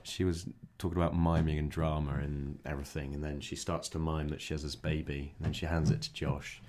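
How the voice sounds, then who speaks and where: A young man co-hosting a podcast, soft-spoken and a bit mumbly in casual chat. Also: extremely low pitch, flat delivery, brisk. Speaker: podcast co-host.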